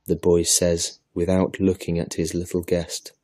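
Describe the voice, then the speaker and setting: A man reading a children's story aloud slowly and carefully for an English lesson. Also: low voice, no echo, clean studio sound. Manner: slow, careful, even reading.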